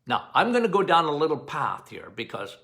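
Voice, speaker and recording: A middle-aged man, a doctor hosting a health podcast, talking straight to his listeners in an animated way, going off on tangents and repeating phrases for emphasis. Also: on the high side, fairly quick, vocal fry. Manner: animated, talks straight to listeners, quotes patients in playful voices.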